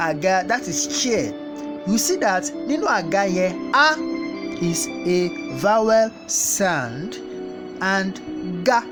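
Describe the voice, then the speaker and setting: A woman teaching a language lesson, repeating each word slowly as she goes. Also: lowish voice. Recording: guitar music playing behind the voice.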